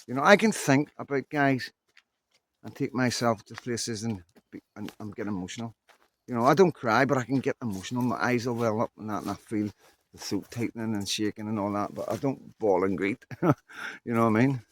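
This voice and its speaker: A man's voice: medium pitch, a little fast, a little hiss or hum. A man in his fifties with a Northern Irish accent, talking candidly and bluntly to camera while out on a muddy walk, rambling from one story to the next. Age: 50s. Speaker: vlogger. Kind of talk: casual monologue to camera.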